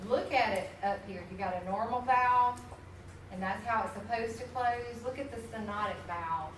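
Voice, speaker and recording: Nursing instructor, lively classroom storyteller, distant mic in an echoey room. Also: female voice, fairly high pitch, moderate pace, slight background noise. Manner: folksy, animated storyteller who talks straight to the class.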